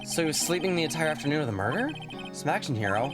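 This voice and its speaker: A woman talking casually over her game stream, low and unhurried with wry little asides. Her voice is on the low side yet moves around a lot, with game music running behind her. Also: sing-song.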